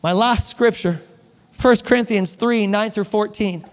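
A man preaching a sermon as pastor, animated and reading scripture aloud to his congregation. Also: high voice, unhurried, big-room sound. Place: church hall.

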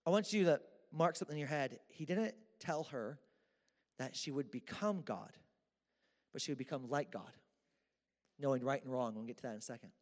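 A man's voice: medium pitch, fairly quick, a little mellow. A man preaching a sermon in a church, casual and joking with slang. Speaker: pastor. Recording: echoey church hall.

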